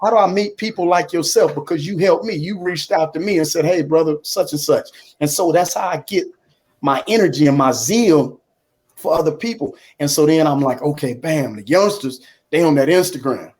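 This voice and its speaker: A man in his fifties tells his story as an interview guest, speaking through a computer on a video call. His voice sits a touch higher than most men's. He acts out both sides of past conversations and keeps dropping in "man.". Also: normal speed, darkish tone. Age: 50s. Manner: acts out dialogue, drops in "man" a lot.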